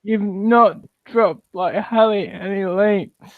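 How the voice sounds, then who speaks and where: A man's voice: high voice, fairly even intonation, slow, phone-quality sound. A man chatting casually on an online call, brash and teasing, swearing freely. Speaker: hangout participant.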